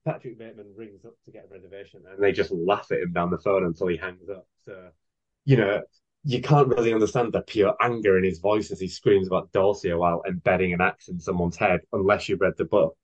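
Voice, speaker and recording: A man's voice: low-pitched, fairly even intonation, a little fast. Man in his thirties, rambling enthusiast. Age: 30s. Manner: rambling, filler-heavy, enthusiastic. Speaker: author guest. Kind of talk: casual podcast chat. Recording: dull lo-fi podcast audio.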